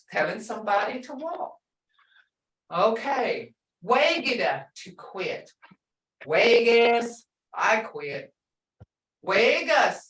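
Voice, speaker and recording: An older woman from the Muscogee Nation leads a language class at an unhurried pace, her pitch rising and falling in a lively way. She repeats each word patiently for her learners, heard from some distance in an echoey room. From Muscogee (Creek) Nation, Oklahoma. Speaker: language teacher.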